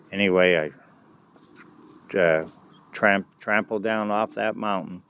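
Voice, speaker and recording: A middle-aged man casually recounting his years of mentoring kids, speaking haltingly with frequent restarts and side remarks. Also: low-pitched, clean tone. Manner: halting and unpolished, with many restarts and "anyway" asides. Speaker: youth mentor recounting experiences. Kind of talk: casual personal storytelling.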